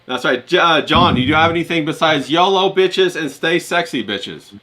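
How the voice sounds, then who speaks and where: A man hosts a casual stream with a bright, forward voice, sitting a touch higher than most men. He talks hyped and profane, stumbling through fillers as he thanks guests. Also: moderate pace. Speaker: stream host.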